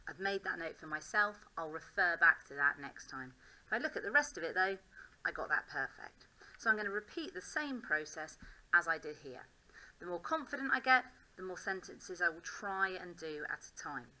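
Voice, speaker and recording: A woman's voice: on the low side, expressive, normal speed, bright, forceful tone, low-quality recording. An English woman teacher thinking aloud as she writes, upbeat and encouraging in a classroom demonstration.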